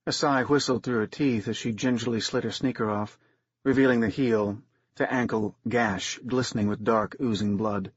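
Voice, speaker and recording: A man reads a story aloud in a steady, unhurried narration. His husky voice sits at a middle pitch. The recording is dry, dull and slightly muffled. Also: dry recording. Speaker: audiobook narrator. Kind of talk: scripted narration.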